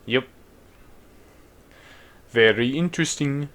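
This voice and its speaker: Young man, gameplay commentary, rambling, casual, mid-pitched. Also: takes it slowly, fairly bright tone. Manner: rambling, casual, thinking aloud. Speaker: gaming YouTuber. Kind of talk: let's play commentary.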